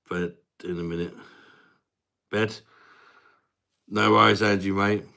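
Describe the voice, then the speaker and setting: Deep-voiced bloke, casual live stream chat, laughs loads, calls everyone mate. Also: male voice, sharp tone. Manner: chatty, laughs often, answers viewers by name. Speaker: livestream host reading chat.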